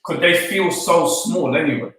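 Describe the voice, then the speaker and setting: A man's voice: on the high side, moderate pace, fairly bright tone, far from the mic. Man telling a story in an echoey room. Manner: retells the scene, voicing each person in quoted lines. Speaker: interview guest. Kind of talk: animated storytelling in an interview. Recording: echoey room, speaker off-mic.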